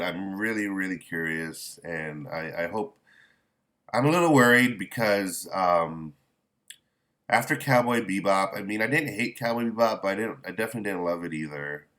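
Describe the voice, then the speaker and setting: A man chatting casually as a manga reviewer, rambling and halting, with candid, mildly profane remarks. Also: low-pitched, a bit bright. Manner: rambling, halting with many restarts. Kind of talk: casual chat.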